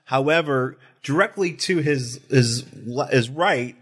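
A man's voice: medium pitch, a little slow, fairly bright tone, husky. A man co-hosting a podcast, chatting casually in a rambling, joking way with frequent restarts. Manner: rambling, restarts often, jokey. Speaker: podcast co-host. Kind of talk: casual chat.

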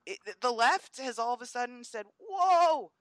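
A woman's voice: on the high side, fairly even intonation, brisk, a bit bright, no echo. A woman co-hosting a podcast, talking politics in an emphatic, scornful way. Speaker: podcast co-host. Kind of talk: casual political chat.

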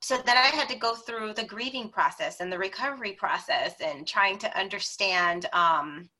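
A woman guest on a podcast, telling her own story candidly and with emotional, expressive delivery. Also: medium pitch, moderate pace, poor audio. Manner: emotional, expressive, animated retelling.

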